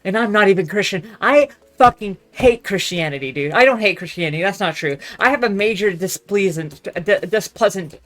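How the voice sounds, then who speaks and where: A young man from Texas, ranting loudly in a profane, rambling monologue full of restarts. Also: high-pitched. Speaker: vlogger.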